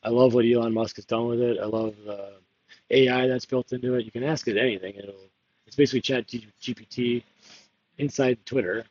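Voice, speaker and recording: A man's voice: mid-range voice, steady tone, brisk, a little mellow, highs cut off. A man talking candidly in a rambling confessional monologue, laughing often and drifting between topics. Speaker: political candidate.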